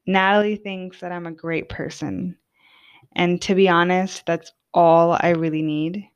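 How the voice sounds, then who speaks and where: A woman's voice: on the low side, steady tone, a little slow, clean tone, muffled recording. Heartfelt young woman hosting a podcast. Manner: casual, heartfelt, lots of "like". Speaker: podcast host. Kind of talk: personal monologue.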